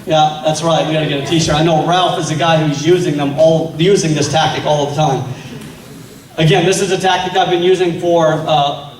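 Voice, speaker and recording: A man delivers a passionate political speech at a meeting, stirring listeners with rhetorical questions. He speaks at normal speed in a steady tone, his voice on the high side. The hall is echoey and he is captured from far away.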